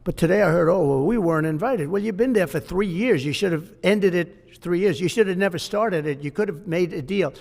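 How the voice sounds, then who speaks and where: A man's voice: sits high, fairly quick, gravelly, hardly any pauses, darkish tone, long reverb tail. A man answering reporters in boastful, repetitive remarks, heard in a clip. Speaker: politician answering press. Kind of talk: press remarks.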